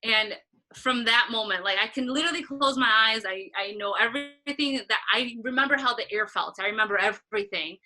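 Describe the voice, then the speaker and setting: Bright animated woman telling a story. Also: a little high, a little fast, rough recording. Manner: animated, acts out quoted voices, laughs often. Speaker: interview guest, concert photographer. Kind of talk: casual storytelling interview.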